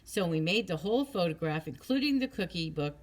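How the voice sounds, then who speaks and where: A woman's voice: lowish voice, animated, brisk. A woman reading a friendly joking dad. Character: friendly dad who jokes.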